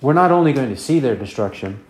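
A man preaching an expository sermon, speaking deliberately and repeating key phrases for emphasis. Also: mid-range voice, expressive, slight background noise. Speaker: pastor.

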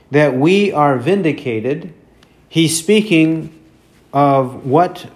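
A male preacher delivering an expository sermon at an unhurried, measured pace. His voice sits a little high for a man, and he circles back to repeat key phrases for weight. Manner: slow, deliberate, repeats phrases for emphasis. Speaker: pastor.

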